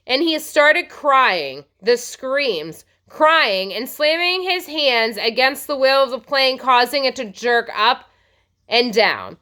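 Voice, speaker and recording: A woman teacher reads a novel aloud in an expressive storytelling manner. Her voice sits high and bright. Her pitch moves with a lot of life. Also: takes it slowly.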